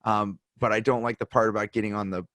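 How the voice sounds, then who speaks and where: A man hosting a podcast, chatting casually and telling animated stories, acting out the people he quotes. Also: on the low side, quick pace, dry recording, studio quality. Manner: animated storyteller, acts out quoted voices. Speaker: podcast host. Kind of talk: casual conversation, storytelling.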